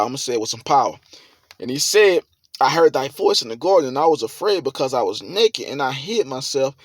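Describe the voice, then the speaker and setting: Male preacher, mid-pitched, dry close sound, reads verses with loud emphasis between profane commentary. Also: lively intonation, a little fast, no room sound. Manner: forceful, swearing, rises to loud emphatic reading. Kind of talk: scripture reading with sermon commentary.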